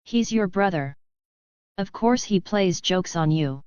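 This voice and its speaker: A woman's voice: fairly low pitch, animated, slow, a little mellow, smooth, no room sound, muffled recording. A woman voicing an eager, generous eleven-year-old boy wizard in a storybook reading. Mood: earnest.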